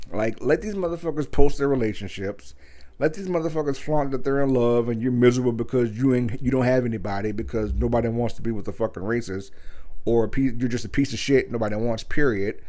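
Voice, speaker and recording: A man's voice: medium pitch, quick pace, warm tone. A man hosting his own show, giving a blunt, crude and sarcastic comedic rant. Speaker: podcast host.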